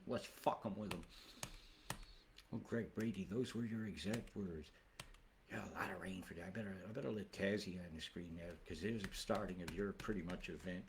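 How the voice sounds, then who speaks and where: A man's voice: fairly low pitch, normal speed, a bit bright, a little hiss or hum. A man hosting a weather livestream who rambles into angry, profane, conspiratorial rants.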